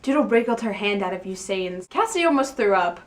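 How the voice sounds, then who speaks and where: A woman's voice: mid-range voice, expressive, brisk. A playful teenage girl reads a silly fan fiction story aloud. She narrates the scenes with a light, joking tone. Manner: playful, laughing between lines. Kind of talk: comedic fan fiction reading.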